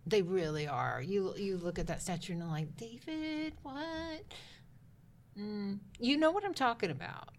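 A woman's voice: on the low side, big pitch swings, a little fast, hardly any pauses. A woman co-hosting a podcast in casual, joking chat, laughing often and putting on playful accents. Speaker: podcast co-host.

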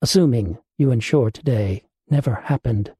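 A man's voice: medium pitch, normal speed, slightly rough, no echo, pitched below the performer's own voice. A man reading as a cold, scheming doctor. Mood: calm menace. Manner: calm, calculating, matter-of-fact. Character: cold, scheming male black-market doctor.

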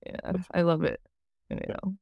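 A woman's voice: measured pace, no echo, muffled recording. A woman talking candidly in an interview, rambling and filling her talk with "you know" and "like". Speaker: program client sharing her story.

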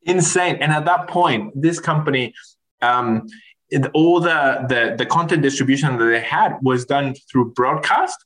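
A man's voice: medium pitch, measured pace, fairly bright tone, poor audio. A man in a casual interview, telling stories from his consulting work with many restarts and fillers. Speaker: guest.

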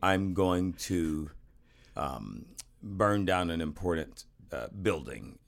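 Hesitant man with a lively, swooping voice. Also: low-pitched, vocal fry. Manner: hesitant, halting, with filler sounds. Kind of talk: casual chat.

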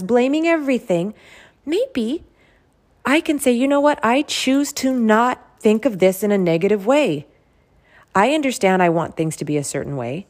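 A woman's voice: mid-range voice, darkish tone. A woman hosting a motivational self-help podcast, speaking earnestly and repeating phrases for emphasis. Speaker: podcast host.

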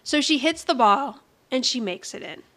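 Higher-voiced woman recapping a show. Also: moderate pace. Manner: animated storytelling, acts out characters' lines. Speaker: podcast co-host recapping a TV episode. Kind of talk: casual chat.

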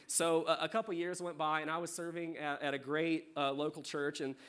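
A man's voice: a little high, level tone, fairly quick, clean tone. A young man from South Carolina with a faint Southern accent, a worship leader preaching a sermon in a church in a chatty, joking way. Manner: warm, chatty, joking with the congregation. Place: church sanctuary.

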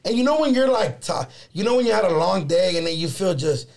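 A young man telling a story with loose, profane energy, his voice a touch higher than most men's. He mixes Spanish slang into casual chat and leans hard into his retelling. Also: animated, brisk, vocal fry, a little mellow.

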